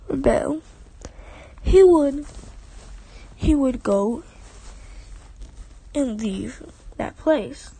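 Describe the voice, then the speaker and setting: Woman improvising a story narration, restarts a lot, soft high voice. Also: slight background noise. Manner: rambling, with frequent restarts and self-corrections.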